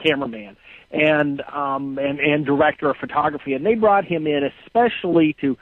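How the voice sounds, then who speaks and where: Male caller, hesitant and halting, thin phone-line sound. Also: fairly high pitch, no echo. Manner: hesitant, many fillers and restarts. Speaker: guest calling in. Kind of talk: casual interview answers.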